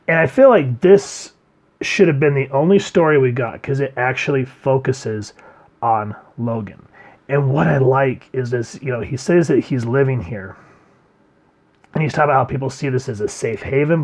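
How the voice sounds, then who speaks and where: Rambling man reviewing comics. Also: moderate pace. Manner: rambling, trails off quietly at line ends, reads quotes in a low murmur.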